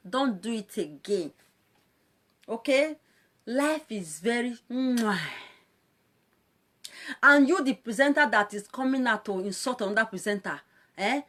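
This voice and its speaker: A woman's voice: fairly high pitch, measured pace, pauses often. A woman with a Nigerian Pidgin accent, talking playfully and animatedly in a casual live-stream monologue as a social media presenter. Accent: Nigerian Pidgin English. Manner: animated, playful, frequent laughs and exclamations.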